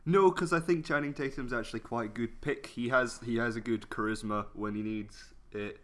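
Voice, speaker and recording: A man's voice: mid-range voice, moderate pace, fairly bright tone. A young man co-hosting a casual film podcast, offhand and loose, swearing and trailing off mid-thought. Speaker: podcast co-host. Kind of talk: casual chat.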